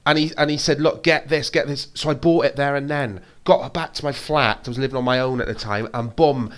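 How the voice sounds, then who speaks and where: A man's voice: mid-range voice, a little fast, smooth. Enthusiastic man chatting. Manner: enthusiastic, rambling with restarts. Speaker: co-host. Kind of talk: casual chat.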